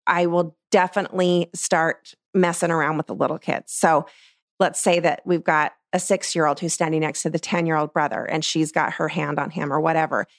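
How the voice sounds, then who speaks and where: A middle-aged woman, a portrait photographer, explaining her craft in a casual, animated way and acting out what she says to clients. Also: deep voice, brisk, dry recording, studio quality. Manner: lively, acts out what she tells clients. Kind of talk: casual teaching talk.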